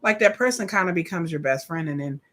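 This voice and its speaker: A woman's voice: lowish voice, animated, quick pace, a bit bright. A woman hosting a live watch-along, chatting candidly, swearing freely and laughing often. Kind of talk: casual reaction commentary.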